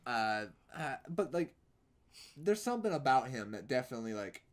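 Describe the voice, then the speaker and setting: An American man co-hosting a laid-back podcast, his pitch sitting in the middle for a man. He rambles and swears freely as he chats. His delivery is loose and animated. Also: moderate pace. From United States. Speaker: podcast co-host. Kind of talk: casual chat.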